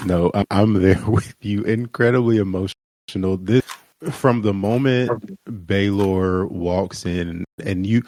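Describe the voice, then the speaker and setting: A man's voice: on the low side, slow pace, mellow. A man co-hosting a podcast, speaking casually and earnestly, also reading listener mail aloud. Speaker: podcast co-host. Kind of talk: casual chat.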